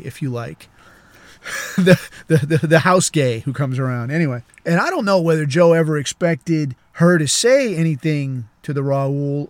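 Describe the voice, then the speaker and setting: A man's voice: a little high, no room sound. A man hosting a podcast, telling a crude story in a rambling, profane way with frequent chuckles. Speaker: podcast host.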